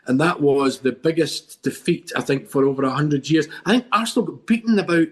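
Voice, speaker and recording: A man's voice: on the high side, brisk. A middle-aged Scottish man, a podcast guest, telling long stories with enthusiasm and lots of restarts. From Scotland. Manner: enthusiastic rambling storyteller with many restarts. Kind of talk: casual podcast chat.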